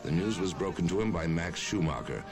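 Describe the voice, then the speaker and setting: A man with a deep gravelly voice giving a measured, scripted film narration. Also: animated. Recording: film clip with music underneath.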